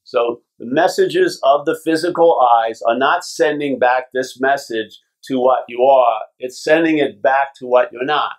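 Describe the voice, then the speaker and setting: A man gives a spiritual teacher's talk at a retreat. His delivery is casual and blunt, with the odd curse word and a habit of asking "yeah?" to keep the room with him. His voice sits at an ordinary middle pitch for a man. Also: unhurried, hardly any pauses. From Long Island, New York. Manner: casual and blunt, with swearing and frequent checks of "yeah?". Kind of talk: talk to a retreat group, reading passages aloud. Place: retreat gathering.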